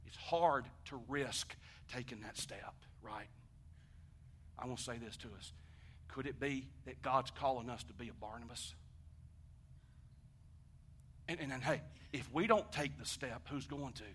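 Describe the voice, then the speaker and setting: A man preaching a sermon, conversational and animated, asking the congregation questions and swinging from hushed talk to shouting. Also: medium pitch, normal speed, slightly rough. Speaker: pastor.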